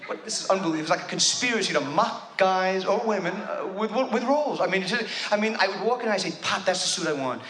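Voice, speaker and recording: Neurotic fast-talking comedian. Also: male voice, high voice, a crowd in the background. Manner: neurotic, rambling, self-deprecating, many restarts. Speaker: stand-up comedian. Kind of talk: stand-up comedy monologue. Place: theater stage with a live audience. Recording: echoey theater, loud audience noise.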